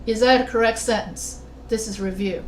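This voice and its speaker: A woman with a fairly high voice teaches a writing class over a video call. She works through the points step by step and stops to put questions to her students. The sound is roomy and carries a faint hiss. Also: steady tone, normal speed. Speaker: writing instructor. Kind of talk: online class lecture. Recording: roomy echo with faint noise.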